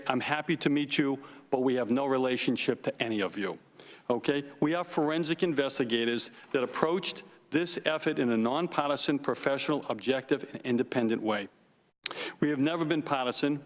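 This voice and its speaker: A man, a forensic investigator, giving prepared testimony at a hearing, slow and emphatic, repeating his points for weight. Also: mid-range voice. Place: large hearing room. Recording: long reverb of a hearing room.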